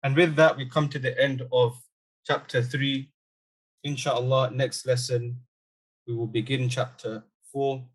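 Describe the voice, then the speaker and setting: Male language teacher, patient and methodical, mid pitch, slows down to model pronunciation. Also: little pitch movement. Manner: patient, repeats example words slowly. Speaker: Arabic teacher. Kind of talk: online language lesson.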